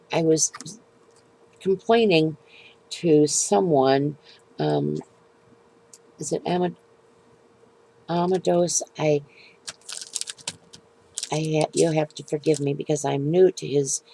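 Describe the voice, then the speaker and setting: A middle-aged woman casually showing a handmade card, talking hesitantly with many pauses and restarts. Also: deep voice, warm tone, poor audio. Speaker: papercraft video maker. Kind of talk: casual show-and-tell crafting talk.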